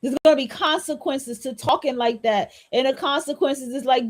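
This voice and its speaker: A woman's voice: high-pitched, normal speed. A woman hosting a solo podcast, talking in a blunt, repetitive, preachy and profane way. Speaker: podcast host.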